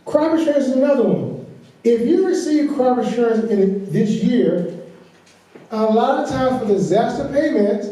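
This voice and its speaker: A man's voice: extremely high pitch, warm tone. A man with a Southern drawl teaching a farm tax workshop, folksy and repeating his key points, laughing easily. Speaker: workshop instructor. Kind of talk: financial training lecture. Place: large echoey meeting room. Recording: echoey room, distant mic.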